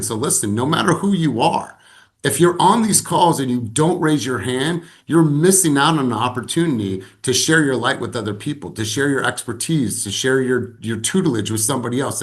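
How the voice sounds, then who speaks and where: Brief: male sales coach on a video call, fired-up and emphatic, pushing hard. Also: mid-range voice. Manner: energetic, emphatic, rising to loud peaks.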